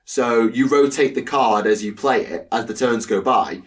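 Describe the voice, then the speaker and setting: A man's voice: mid-range voice, distant mic. Chatty man co-hosting a podcast. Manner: chatty, quick to laugh, many fillers. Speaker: podcast co-host. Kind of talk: casual podcast chat.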